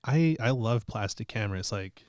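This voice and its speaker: Animated, swearing man telling stories. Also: lowish voice, normal speed, dry recording, clean studio sound. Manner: animated storyteller, swears, laughs often. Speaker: podcast host. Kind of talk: casual chat.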